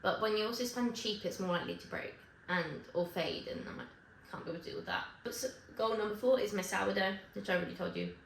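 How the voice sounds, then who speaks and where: Talking casually to her camera, this female vlogger speeds along with hardly a pause and a touch of vocal fry. She wanders between thoughts, fixes her own words, and adds asides, her mid-range voice ringing in an echoey room with faint background hum.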